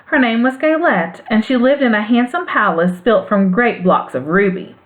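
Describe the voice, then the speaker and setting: A woman's voice: on the high side, moderate pace, lightly acted. A woman reading a storybook, voicing a courtly male winged monkey king telling a tale. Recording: phone-like narrow band sound.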